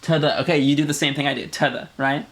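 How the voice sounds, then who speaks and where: A man's voice: a little high, steady tone, fast. A man with a Michigan accent, co-hosting a podcast in casual chat, rambling with many restarts and acting out phrases. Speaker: podcast co-host.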